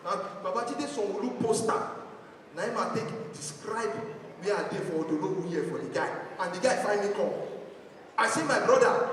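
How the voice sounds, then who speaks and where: A man with a Nigerian accent performing a stand-up comedy set, telling animated stories and acting out his family. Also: high-pitched, brisk, slight background noise. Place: church hall stage. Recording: echoey hall from far off.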